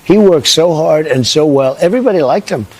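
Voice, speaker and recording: Older male politician, gravelly husky voice, rambling off-the-cuff remarks. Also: fairly high pitch, animated, brisk, a little mellow. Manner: rambling, repetitive, blunt.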